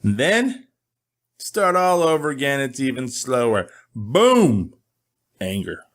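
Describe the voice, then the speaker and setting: A middle-aged man hosting a casual monologue, telling his own story in a candid, joking, animated way. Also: mid-range voice, slow. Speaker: host.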